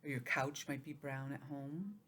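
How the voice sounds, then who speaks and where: A woman teaching an online lesson to young children, gentle and expressive, acting out feelings in a sing-song way. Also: rumbling low, a little slow, husky. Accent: New England.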